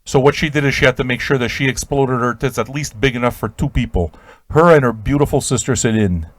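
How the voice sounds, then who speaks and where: Man, radio host, absurd rambling monologue, stammering restarts, dry sound, loud bursts. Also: mid-range voice, fairly quick, no echo. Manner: sudden loud shouted outbursts. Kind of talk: improvised comic storytelling.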